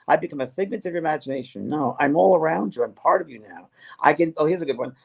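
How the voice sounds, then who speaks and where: A man's voice: on the high side, animated, fast, vocal fry, breathy edge. A middle-aged man, a spiritual medium co-hosting a casual chat, speaking earnestly and with feeling, often voicing what spirits tell him. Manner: earnest, emotional, quotes spirits in their own words.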